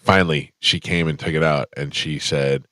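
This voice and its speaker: A man's voice: a bass voice, steady tone, normal speed, bright, forceful tone, no room sound. A male radio show host chatting casually, laughing easily and telling his own stories. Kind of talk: casual comedic chat.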